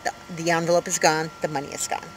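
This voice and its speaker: A woman in her fifties telling a story to camera in a casual vlog, rambling and animated, with many fillers, from inside her van. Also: sits low, fast, a little hiss or hum, low-quality recording. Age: 50s. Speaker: vlogger.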